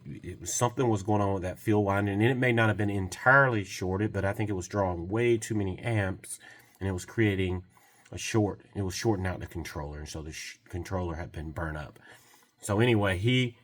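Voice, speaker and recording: A man with a somewhat low voice tells a story from his repair shop, rambling and casual. He trails off, restarts, and slips into quoted voices as he goes. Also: a little fast. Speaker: golf cart repair technician.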